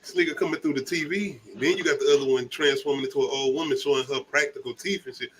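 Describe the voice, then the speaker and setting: A man's voice: medium pitch, fast talker, fairly bright tone, slight background noise. A man from the American South co-hosting a movie review, talking in loose, profane, laughing banter. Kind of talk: casual chat.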